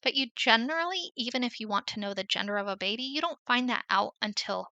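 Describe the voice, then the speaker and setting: Woman, 30s, tutorial host; slightly high, bright, chatty and explanatory. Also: lively intonation, dry recording. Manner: chatty, explanatory, drawn-out emphasis. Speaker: Etsy selling coach. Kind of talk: screen-share tutorial.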